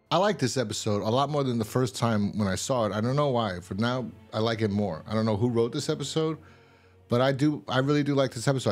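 A man giving a rambling, casual recap of a TV episode, retelling scenes in loose "he's like" quotes. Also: on the low side. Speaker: TV episode reviewer.

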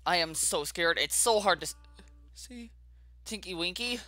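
A man hosting his gaming channel, narrating a horror game as he plays, jittery and saying how scared he is, with sudden loud yelps. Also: sits high, expressive, normal speed. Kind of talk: horror game let's play commentary.

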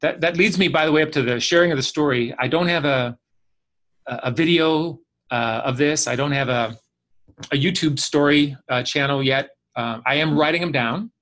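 A man's voice: a little high, moderate pace. A man speaking as a guest on a video call, telling a long story and acting out the people in it. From Chicago area. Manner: animated storyteller acting out quoted voices. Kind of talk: storytelling in an online class.

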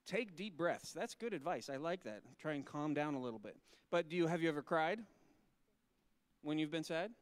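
A male pastor talking gently with children and asking them questions, then reading scripture slowly and solemnly. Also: a little high, animated, no room sound.

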